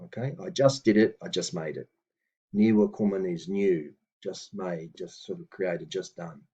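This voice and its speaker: Low husky man teaching old phrases. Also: warm tone, muffled recording. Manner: slow and deliberate on old words, with hesitant fillers. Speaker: language teacher. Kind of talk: lesson reading out phrases. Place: room with books on a table.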